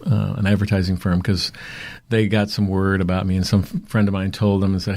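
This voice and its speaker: A middle-aged man, a talent agency owner, telling his story in a rambling, animated interview way. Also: fairly low pitch, fairly quick, no echo. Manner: rambling, fillers, animated retelling.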